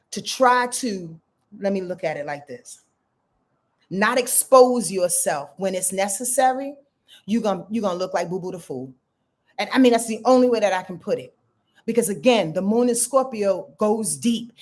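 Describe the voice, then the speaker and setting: Woman astrologer, mid-pitched, blunt and emphatic, with casual swearing. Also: lively intonation, moderate pace.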